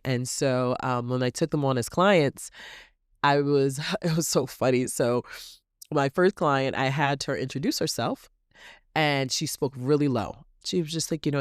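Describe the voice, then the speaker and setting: A woman's voice: very deep voice, moderate pace, dry recording, clean studio sound. A woman hosting a motivational podcast, talking animatedly to her listeners and acting out little quoted exchanges. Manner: animated, acts out quoted voices, addresses listeners as queens. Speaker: podcast host and coach. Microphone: podcast mic.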